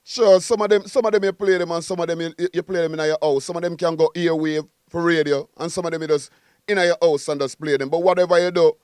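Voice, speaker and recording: A man with a Jamaican accent, a musician being interviewed, talking in a boastful, animated, repetitive way. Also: on the high side, fast talker, clean tone, no echo, clean studio sound. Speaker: guest musician. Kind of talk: casual interview.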